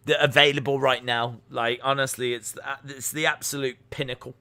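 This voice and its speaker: A man's voice: medium pitch, flat delivery, fairly quick, bright, forceful tone, clear, resonant tone. A man hosting a live stream, reacting to wrestling in casual commentary, joking and answering chat messages. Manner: jokey, reads out and answers chat.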